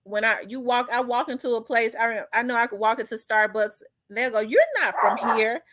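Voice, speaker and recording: A woman's voice: on the high side, flat delivery, a little fast, fairly bright tone, no echo. A middle-aged woman with a Southern US accent, hosting a casual commentary chat, talking loosely with many fillers and restarts and answering viewer comments. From Memphis, US South. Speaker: host.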